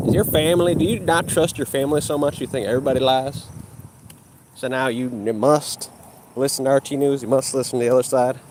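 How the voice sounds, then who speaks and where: A man's voice: mid-range voice, steady tone, brisk, noisy background. A man in a heated live-stream rant, arguing with and insulting chat. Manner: combative, insulting, mocking.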